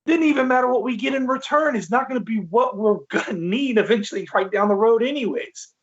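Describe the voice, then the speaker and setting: Furious high-voiced profane ranting man. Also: expressive, fairly quick. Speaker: sports talk show host. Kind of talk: heated sports rant. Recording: dull lo-fi sound.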